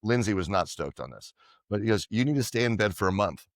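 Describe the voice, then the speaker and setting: A man being interviewed as a podcast guest, telling lively anecdotes and acting out what others said. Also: fairly low pitch, fast talker, no room sound, studio quality. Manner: animated anecdotes, quoting others in dialogue. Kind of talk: casual storytelling interview.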